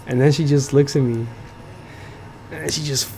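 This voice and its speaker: A young man tells a story on his podcast in a loose, profane way. His talk is full of "like" and "you know," and he keeps checking in with the listener. His pitch sits at a plain middle height for a man. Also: steady tone, moderate pace, creaky, noisy background. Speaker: podcast host. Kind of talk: casual storytelling.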